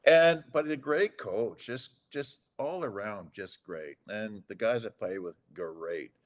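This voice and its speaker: Lowish-voiced older man telling rambling stories. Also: takes it slowly. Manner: rambling anecdotes, acts out quoted dialogue, chuckles often. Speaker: podcast guest, former hockey player. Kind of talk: casual storytelling chat.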